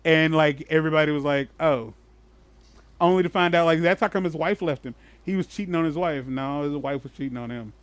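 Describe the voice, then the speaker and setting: A man's voice: a little high, fast, few pauses, clear, resonant tone, dry recording. A man co-hosting a podcast, telling stories in casual chat, swearing freely and breaking into laughter. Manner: animated storyteller, swears freely, bursts into laughter. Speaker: podcast co-host.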